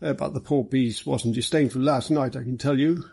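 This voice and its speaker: A man's voice: medium pitch, fairly even intonation, creaky, mellow, slightly rough. A man voicing a hearty, jovial police superintendent in an audiobook reading. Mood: genial. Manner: brisk, easy, jovial.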